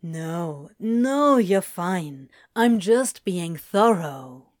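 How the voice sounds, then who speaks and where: A sly, teasing man murmurs in a gravelly hush that barely rises above a whisper, as a woman reads him, a flirtatious optician taking his time. His words come slow and soft. The sound is dry and close. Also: lowish voice, dry recording, voice pushed down. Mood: low teasing. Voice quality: gravelly, hushed near-whisper.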